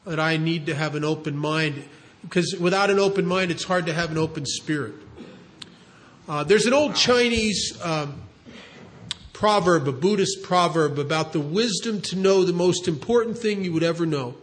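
High-voiced earnest man telling a story. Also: normal speed. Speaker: speaker at a recovery meeting. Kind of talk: storytelling talk.

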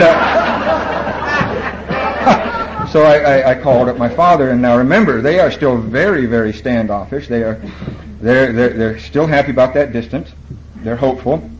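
A man tells his recovery story to a meeting, wry and self-mocking, acting out the voices of the people in it. His voice sits at an everyday pitch. The recording is dull and lo-fi, with a faint hum of room ambience behind it. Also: moderate pace, pauses often, some chatter behind. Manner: wry, self-mocking, quotes and acts out others.

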